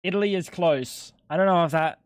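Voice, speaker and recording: A man's voice: high voice, brisk, clear, resonant tone, no room sound, clean studio sound. A young man streaming live, chatting casually with his viewers in a laid-back, slangy way with some swearing.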